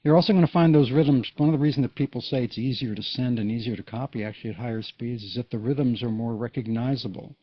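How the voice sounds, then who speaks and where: A man's voice: medium pitch, fast, hardly any pauses, dry recording. A man giving a casual, patient Morse code lesson, explaining each step in plain words. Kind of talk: casual spoken tutorial. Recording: dull lo-fi recording.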